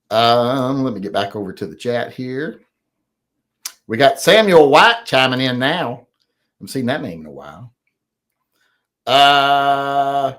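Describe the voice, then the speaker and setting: A man's voice: mid-range voice, expressive, moderate pace, fairly bright tone. A middle-aged man with a drawl, hosting a casual livestream and reading chat, blunt and opinionated.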